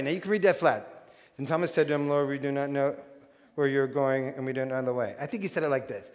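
A man preaching a sermon as pastor, animated and acting out quoted voices. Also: medium pitch, fairly quick. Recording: long hall reverb.

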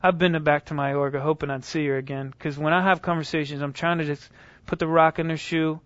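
A man teaching a group, retelling conversations in a conversational, animated way with frequent restarts. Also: fairly high pitch, brisk, dry recording. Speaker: speaker teaching evangelism. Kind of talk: storytelling lecture. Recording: dull lo-fi dry recording.

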